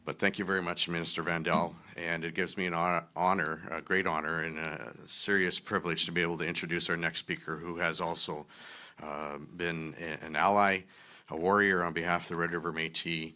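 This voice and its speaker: A man's voice: deep voice, little pitch movement, a little fast, sharp tone. A man acting as master of ceremonies, introducing speakers and rallying applause in an upbeat way.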